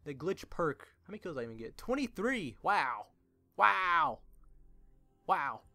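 A young man gives live commentary as he plays, his voice bright and a touch high for a man. He is jumpy and excitable, calls out to his teammates and fills his sentences with "like". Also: brisk, dry recording. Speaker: gaming channel host.

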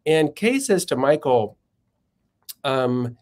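Speaking at a moderate pace with a medium-pitched, slightly mellow voice, this man is a philosopher and author appearing on a podcast. He shares stories with care, occasionally pausing to find the right word.

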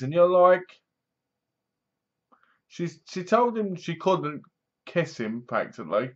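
A man's voice: a little high, muffled recording. A man reviewing a film in a casual, rambling way with wry humor. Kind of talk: casual spoken movie review.

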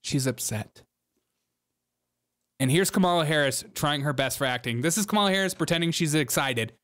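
A man's voice: on the high side, animated, moderate pace, a bit bright, dry recording, clean studio sound, soft background music. A man hosting a comedic news commentary show, talking in a sarcastic, teasing way.

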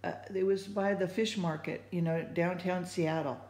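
A woman's voice: on the low side, fairly even intonation, normal speed, darkish tone. A woman sharing her faith thoughts in casual, rambling talk, full of fillers and restarts. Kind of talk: casual spoken reflection. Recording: echoey room.

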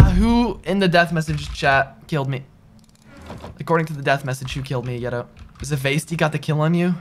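A man's voice: a little high, normal speed, long pauses. A young man live-streaming a video game, talking to chat in a slangy way and repeating himself when frustrated.

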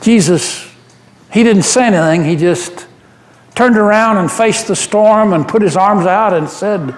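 A man's voice: sits high, unhurried. A man playing the apostle Peter, an earnest, devoted fisherman telling his memories in a first-person monologue during a church service. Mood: awed. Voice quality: earnest, animated storyteller with frequent restarts. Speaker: church member giving a dramatic monologue. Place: church sanctuary. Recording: roomy church echo.

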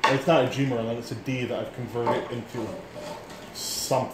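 In an echoey room where an instrument is playing, a middle-aged man teaches a casual music lesson under heavy background noise. He keeps a steady tone, mid-range pitch, and moderate pace while explaining bluntly, rambling, and calling himself an ass for it.

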